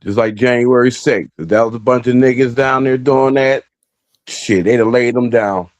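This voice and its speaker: A man's voice: medium pitch, steady tone, normal speed, no room sound. Male co-commenter, blunt and terse, dry close sound. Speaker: livestream guest. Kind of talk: casual commentary.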